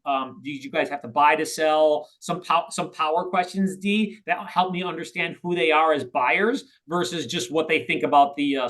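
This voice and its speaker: A man coaching a real estate agent in a role play, talking briskly and often checking in with "right?". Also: fairly high pitch, fairly bright tone, low-quality recording. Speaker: sales coach.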